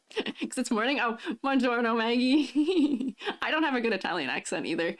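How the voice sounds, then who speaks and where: A woman's voice: a little high, very animated, a little fast, a bit bright. A woman streaming live, chatting casually and reading out chat messages, laughing often between lines. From United States. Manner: giggly, chatty, answers chat messages aloud.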